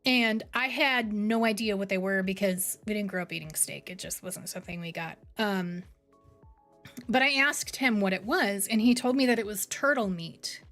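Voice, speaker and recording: A woman in her thirties, a streamer chatting casually with her live chat, rambling between bright greetings and quiet low asides. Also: moderate pace, faint music behind.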